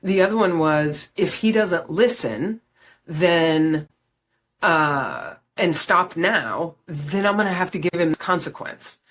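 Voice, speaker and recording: Low husky-voiced woman coach. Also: animated, takes it slowly. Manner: candid, conversational, many fillers and restarts. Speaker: parenting coach. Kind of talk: casual reflective talk to camera.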